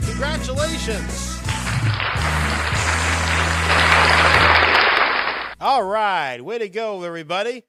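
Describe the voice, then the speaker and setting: A man's voice: sits high, fairly bright tone, no echo, clean studio sound. A young man hosting a podcast quiz round, upbeat and announcer-like, reading out answer choices and players' picks. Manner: upbeat, announcer-like, hums filler while waiting. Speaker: podcast host running a quiz. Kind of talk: energetic quiz show hosting.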